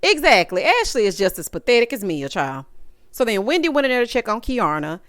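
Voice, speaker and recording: A woman with a high voice that swoops all over gives a sassy, dramatic recap of a reality show. Her voice is smooth and clear, close on a dry mic with no room sound. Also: sing-song, a bit bright, no room sound. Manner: sassy, dramatic, quick to mimic people. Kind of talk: casual recap commentary.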